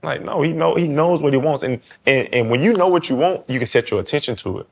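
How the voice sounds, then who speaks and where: A guest quarterback on a podcast, a man in his thirties with a New Orleans accent, talks fast in a fairly high, creaky voice. He stays casual and animated, acting out quoted talk.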